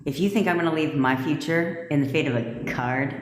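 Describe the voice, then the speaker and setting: A woman's voice: deep voice, fairly quick. A woman coaching manifestation on a phone livestream, ranting in a blunt, profane way. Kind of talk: livestream rant. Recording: echoey room with long reverb.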